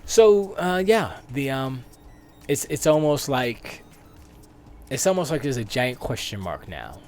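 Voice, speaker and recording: A man's voice: mid-range voice, big pitch swings, measured pace, soft background music. A man hosting a live stream, reading gaming news and riffing on it in a casual, rambling way. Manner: rambling, riffs on the news he reads.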